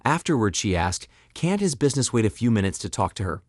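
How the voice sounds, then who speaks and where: A man reading a scripted story recap in an even, steady third-person telling. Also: lowish voice, fast, dry recording, clean studio sound. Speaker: recap narrator. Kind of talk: scripted narration.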